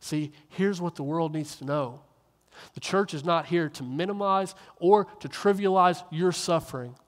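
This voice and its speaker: A young male minister delivers a sermon from a stage, his voice sitting a little high for a man. He tells stories earnestly, doubling back and repeating phrases as he builds. The sound carries a long reverb from a large hall. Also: normal speed.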